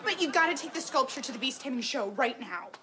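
A woman voicing a young cartoon best friend who is brisk, bossy and teasing. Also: high voice, animated, sharp tone. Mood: urgent. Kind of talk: cartoon voice acting.

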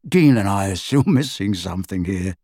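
A reader voicing a mellow-voiced, middle-aged wizard father who talks in a friendly, chatty way. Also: sits low, expressive, normal speed, no room sound, clean studio sound, voice pushed down. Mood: easygoing. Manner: easygoing, chatty. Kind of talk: audiobook character voice.

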